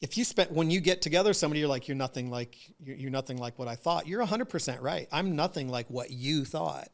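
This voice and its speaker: Relaxed man explaining an analogy. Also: on the high side, fast talker, creaky. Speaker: podcast guest. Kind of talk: casual chat.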